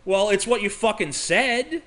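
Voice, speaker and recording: A man ranting on a casual vlog in a heated, argumentative way, with a lot of swearing. His voice is fairly high and bright with an edge. He stammers and restarts as he pushes his point. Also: expressive, a little slow. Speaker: vlogger.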